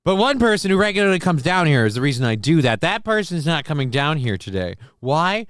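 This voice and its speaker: A man's voice: fairly high pitch, very animated, brisk, few pauses, fairly bright tone, clean tone, no echo. Congested man rambling crudely on stream. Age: adult, father of a six-year-old. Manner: rambling, crude and joking, often sneezing and sniffing. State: congested from a sinus infection. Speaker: live stream host. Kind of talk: casual live-stream chat. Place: home basement room. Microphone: desk mic close to the face.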